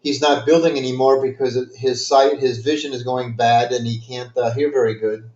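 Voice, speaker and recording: A man's voice: mid-range voice, fairly even intonation, moderate pace, darkish tone. Male storyteller, casual and wandering, dry wit; dull lo-fi call audio. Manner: rambling, many fillers and restarts, dry humor. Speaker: guest telling stories. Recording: echoey, dull lo-fi sound.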